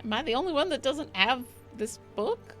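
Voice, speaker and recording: A woman playing a tabletop game in character, speaking in a formal, measured way. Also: high-pitched, lively intonation, a bit bright, soft background music. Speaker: player.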